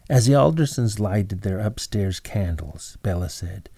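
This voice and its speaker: A man narrating an old tale in a measured, dramatic way. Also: on the low side, lively intonation, vocal fry, warm tone, slightly rough, no room sound, clean studio sound. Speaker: storyteller. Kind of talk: scripted narration.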